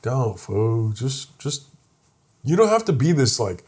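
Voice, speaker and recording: A man's voice: mid-range voice, measured pace, husky. A young man co-hosting a comedy podcast, telling mock-serious stories in casual chat. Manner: joking, deadpan mock-serious storytelling. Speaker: podcast co-host.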